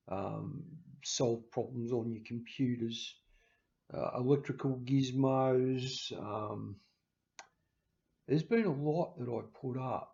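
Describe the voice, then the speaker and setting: A man with a very gravelly, mellow voice talks haltingly into a handheld camera, stumbling and restarting often while sounding emotional. The slightly dull, lo-fi recording fits a casual home vlog. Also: mid-range voice. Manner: halting, with frequent restarts and stammers. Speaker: channel host.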